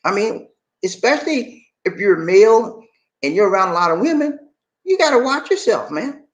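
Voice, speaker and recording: A man's voice: high-pitched, big pitch swings, normal speed, rough recording. A man hosting a casual livestream, chatting to his viewers and calling them y'all. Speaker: livestream host.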